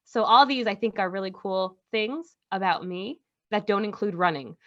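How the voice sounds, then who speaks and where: Woman, 30s, game show contestant, chatty, self-deprecating, bright tone. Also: mid-range voice, moderate pace, highs cut off. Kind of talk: casual self-introduction.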